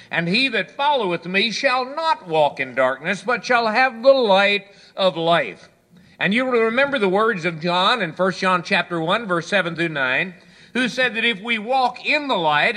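A male preacher with a high, bright voice that swings lively up and down. He tells homespun stories and reads scripture, sinking into quiet low asides between points. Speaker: pastor. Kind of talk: sermon with folksy illustrations.

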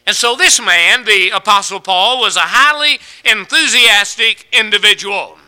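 High, bright-voiced male preacher. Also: unhurried, few pauses. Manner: folksy storytelling with rising emphasis. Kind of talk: sermon.

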